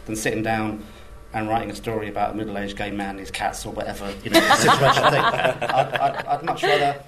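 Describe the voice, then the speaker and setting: A man, a screenwriter, talks in a rambling, hesitant, wry way. His voice sits a little low and sounds a step back from the mic, with a faint hum of ambience behind. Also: brisk, far from the mic. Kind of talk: interview.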